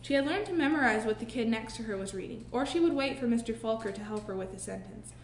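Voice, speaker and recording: A woman reads a children's story aloud in an expressive way and pauses slowly for effect. Her voice sits a little high. The recording carries a roomy echo and a faint hiss behind it. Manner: expressive, with slow dramatic pauses. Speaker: narrator. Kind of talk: reading a children's book aloud. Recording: echoey room with faint hiss.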